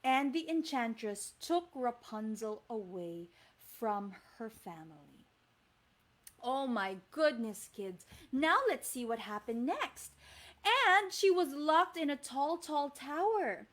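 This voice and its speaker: A woman's voice: high-pitched, slow. A woman from the Philippines, a teacher, telling a fairy tale live to children and speaking to them directly. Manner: animated, addresses kids directly. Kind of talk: live storytelling for kids.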